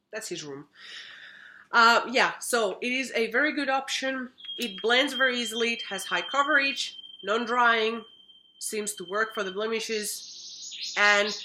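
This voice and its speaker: A woman's voice: mid-range voice, bright, forceful tone. A woman giving a casual, chatty makeup product review at home, often doubling words for emphasis. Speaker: makeup vlogger. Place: home room.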